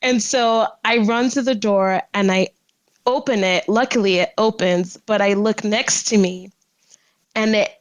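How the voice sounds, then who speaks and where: A young woman tells a story on a podcast, with plenty of laughter breaking through. Her voice sits in an ordinary middle pitch and is recorded close and dry, with no room sound. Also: measured pace, no room sound, rough recording. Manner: animated, laughs often while telling. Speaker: podcast guest. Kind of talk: casual storytelling.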